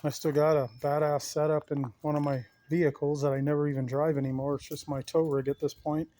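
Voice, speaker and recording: A man wanders his backyard talking to his viewers in a loose, folksy ramble. His voice sits a little high but sounds mellow and soft-edged, with a faint outdoor hiss underneath. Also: little pitch movement, brisk. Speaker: yard vlogger. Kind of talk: casual walk-around chat.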